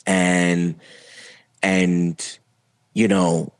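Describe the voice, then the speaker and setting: Young adult man, low voice, halting speech with many fillers, dry close sound, podcast guest. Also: completely flat delivery, clear, resonant tone, no room sound. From Puerto Rico. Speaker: interview guest. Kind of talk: personal testimony.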